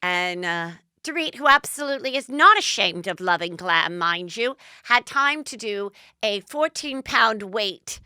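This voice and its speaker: A woman's voice: medium pitch, animated, measured pace, few pauses, pushed and bright, clean tone, no room sound, clean studio sound. A woman hosting a podcast, recapping TV gossip in a chatty, sarcastic way and swearing freely. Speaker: podcast host.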